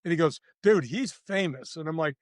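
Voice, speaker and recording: High-voiced rambling man in his sixties. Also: animated, normal speed, dry recording. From St. Louis, USA. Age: 60s. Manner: rambling, restarts, acts out quotes, teasing. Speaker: retired tour golfer, guest. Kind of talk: casual storytelling interview.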